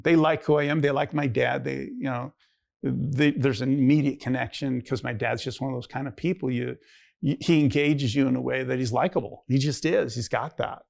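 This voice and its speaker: A man's voice: medium pitch, a little fast, creaky, darkish tone. A man in his sixties, a pastor giving his personal testimony in a rambling, conversational way, jumping his voice up when he acts out old conversations. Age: 60s. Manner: rambling, conversational, acts out quoted dialogue in a raised voice. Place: church.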